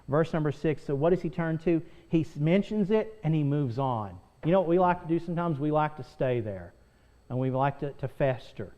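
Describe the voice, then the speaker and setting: An earnest male pastor with a high voice teaches a Bible lesson, reading scripture aloud and repeating key phrases for emphasis. The recording sounds dull and lo-fi. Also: expressive, normal speed. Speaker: pastor teaching Sunday School.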